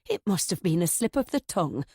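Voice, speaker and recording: A woman voicing an older aunt who talks in a soft, cooing, motherly way. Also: on the low side, sing-song, a little fast, slightly rough, no room sound, studio quality, exaggerated voice. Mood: defensive.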